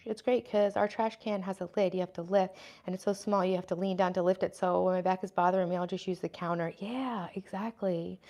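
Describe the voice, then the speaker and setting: A woman's voice: on the low side, fairly even intonation, brisk, darkish tone. A woman hosting a casual livestream from her home kitchen, chatting and reading out viewer comments as she answers them. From United States. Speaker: livestream host.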